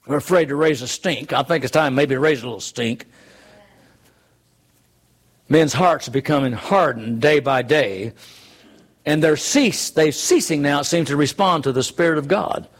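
A man's voice: on the high side, normal speed, pauses often. A man preaching a sermon, earnest and emphatic, driving his points home with rhetorical questions.

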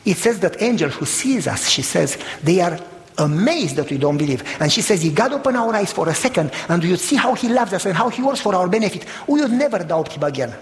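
A man preaching with a high, lively voice that swoops up into exclamations and acts out the people in his stories. His sermon rings through a church hall with a long echo trailing behind each phrase. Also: a little fast.

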